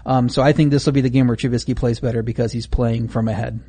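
A man giving stat-heavy football betting analysis in a measured, fact-driven way. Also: mid-range voice, steady tone, dark tone, husky.

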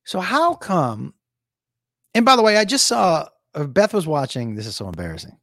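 A man hosting a podcast in a casual, rambling chat, animated and swearing freely. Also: a little high, normal speed, dry recording, clean studio sound.

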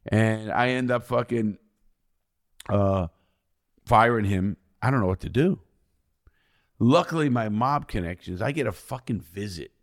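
With a lowish voice, a measured pace and long pauses, a former inmate from the United States shares prison tales as an interview guest. He swears freely, speaks bluntly, and rambles with frequent restarts in a casual storytelling mode.

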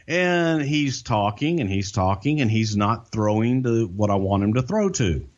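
Brief: male podcast guest, animated profane storyteller, lively pitch, muffled audio. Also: a little slow. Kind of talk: casual anecdotal storytelling.

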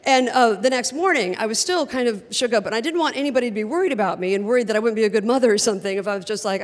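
A woman telling a personal story on stage in an animated, humorous way, often laughing as she talks. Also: fairly high pitch, very fast, hardly any pauses. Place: theater stage before a live audience. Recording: long theater reverb.

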